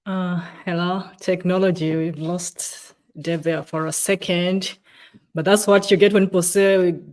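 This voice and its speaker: Ugandan-accented woman hosting a livestream, chatty, slightly low voice. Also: steady tone, unhurried, darkish tone. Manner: chatty, greeting viewers and reading comments aloud. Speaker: livestream co-host. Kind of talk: casual live-stream hosting.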